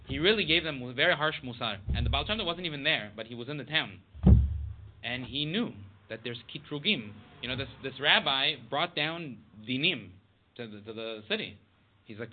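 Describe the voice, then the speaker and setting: A man giving a casual Torah class, talking conversationally with many asides and Hebrew terms. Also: on the high side. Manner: conversational, full of "you know" and Hebrew terms. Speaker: Torah teacher. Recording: tinny phone-like line with faint noise.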